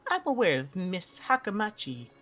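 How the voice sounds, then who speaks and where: A woman's voice: medium pitch, wildly swooping pitch, normal speed, a bit bright. A woman reading the part of an elegant, composed young female student in a visual novel, speaking politely and formally. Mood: calm, formal.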